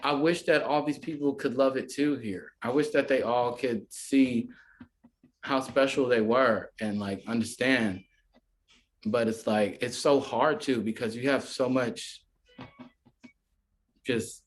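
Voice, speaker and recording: A man in a relaxed podcast conversation, at an everyday middle pitch. He rambles with lots of filler words and drops into brief playful impressions of other people as he makes his point. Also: slow pace, slight background noise. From United States. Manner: rambling, filler-heavy, often acts out quoted voices. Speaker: podcast guest, musician.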